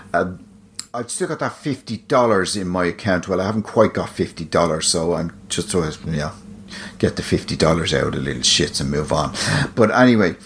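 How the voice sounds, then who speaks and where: Low-voiced wry podcast co-host, a man. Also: a little hiss or hum. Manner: wry, rambling, self-mocking. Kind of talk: casual banter.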